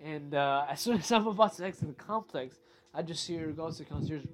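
A man's voice: on the high side, fast talker. A young adult man hosting a podcast, telling stories in a casual, rambling way with lots of swearing. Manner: profane, rambling, animated storytelling. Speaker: podcast host. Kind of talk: casual storytelling monologue.

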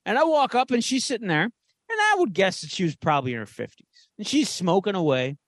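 Podcast guy spinning a yarn, voice bouncing all over, fairly high, dry sound. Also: fairly quick, no room sound. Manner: animated, theatrical storyteller. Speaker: podcast co-host. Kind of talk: casual storytelling chat.

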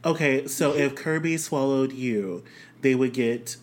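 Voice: medium pitch, unhurried. A podcast co-host in casual chat, playful and teasing, often stumbling and restarting.

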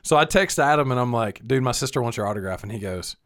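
A middle-aged man chats on a podcast, telling a family story with lively swings in pitch. He swears freely and laughs along with his co-hosts in loose, casual talk. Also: fast talker. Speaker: podcast co-host. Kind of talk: casual chat.

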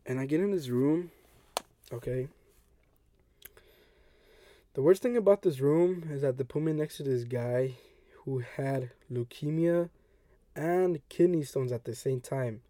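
Give me a lively young man on a podcast, with a mellow voice in a dry room. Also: mid-range voice, a little slow, long pauses, dry recording. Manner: animated, acts out what others said. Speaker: podcast host. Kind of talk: casual storytelling.

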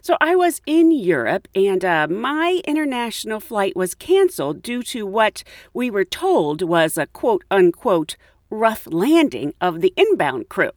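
A woman who is a flight attendant and podcast host, telling travel stories in a lively way and acting out the voices of people in them. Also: mid-range voice, a little slow, dry recording, studio quality. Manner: animated, acts out quoted voices with laughs. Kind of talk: casual anecdotal storytelling.

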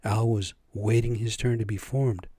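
Man, casual storyteller, chatty, dark mellow voice, dry close sound. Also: lowish voice, steady tone, normal speed, breathy edge, dry recording. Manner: chatty, checking in with listeners. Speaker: storyteller and vlogger.

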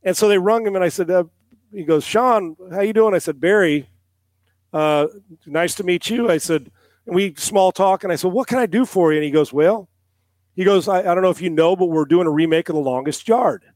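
Ex-quarterback guest, middle-aged man, tells stories with swearing and voiced quotes, high and dry. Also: a little fast, dry recording. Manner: animated storyteller, acts out quotes, swears casually. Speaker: guest, former NFL quarterback and analyst. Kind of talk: casual storytelling on a podcast.

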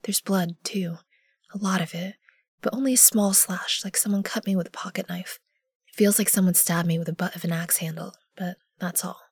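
A woman narrating an audio drama in the first person, measured and often hushed. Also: fairly low pitch, fairly even intonation, slightly rough, no echo, studio quality. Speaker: narrator and lead character.

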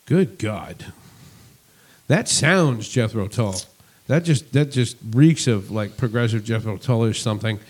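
A man's voice: on the low side, measured pace, breathy edge. A middle-aged man co-hosting a casual podcast, easygoing and self-deprecating, swearing freely as he talks about rock music. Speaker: podcast co-host.

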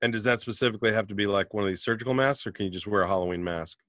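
A man hosting a laid-back podcast chat, recorded close and dry with no room sound. He riffs quickly and playfully between his questions. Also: lowish voice, a bit bright, dry recording.

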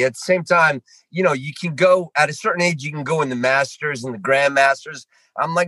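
Animated, bright-voiced middle-aged man. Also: mid-range voice, normal speed, no echo, rough recording. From Vermont, USA. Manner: animated, swears freely, acts out his own lines. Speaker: guest actor. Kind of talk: casual storytelling chat.

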